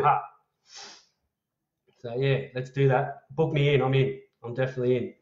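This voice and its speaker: A man's voice: mid-range voice, flat delivery, moderate pace, darkish tone, echoey room, muffled recording. An Australian man hosting a casual livestream, chatting matey and swearing freely while reading out viewer comments. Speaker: livestream host.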